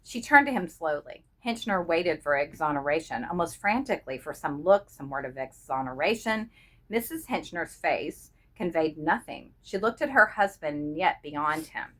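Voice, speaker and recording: A woman reading a short story aloud in a measured, expressive narrating manner. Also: sits low. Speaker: reader.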